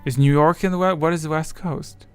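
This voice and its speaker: A man's voice: on the high side, steady tone, a little fast, clear, resonant tone, faint music behind. A man streaming live, rambling in casual chat, swearing freely and reading viewers' messages aloud.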